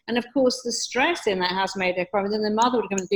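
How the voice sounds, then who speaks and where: A woman talks as an interview guest. She explains her ideas in a calm, emphatic, teacherly way. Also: medium pitch, fast, few pauses. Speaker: hypnotherapist and guest speaker.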